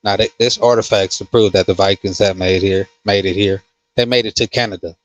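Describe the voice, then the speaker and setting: Slow-talking man with a low, dry voice. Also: steady tone, no echo, dull audio. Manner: slow, musing, with many fillers and restarts. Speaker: host. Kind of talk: casual livestream chat reading comments.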